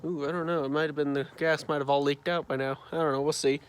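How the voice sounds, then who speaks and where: A man's voice: on the high side, fairly even intonation, quick pace, smooth, no room sound. Man talking through a dust mask. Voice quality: muffled by a face mask. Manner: rambling, self-correcting, unsure asides. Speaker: tractor restoration vlogger. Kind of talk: casual talk to camera. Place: farm building with no power. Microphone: phone camera.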